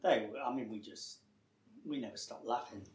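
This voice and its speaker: An actor being interviewed, telling stories with lively acted-out quotes and frequent laughter. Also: male voice, mid-range voice, moderate pace, reverberant. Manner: animated storyteller, acts out quoted voices, laughs often. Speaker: actor guest. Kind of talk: anecdotal interview chat.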